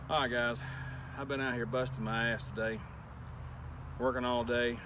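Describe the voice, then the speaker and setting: A man's voice: mid-range voice, flat delivery, moderate pace, noisy background. A man doing a casual taste test with crude folksy humor, out of breath from working. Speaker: taste tester on a cooking channel.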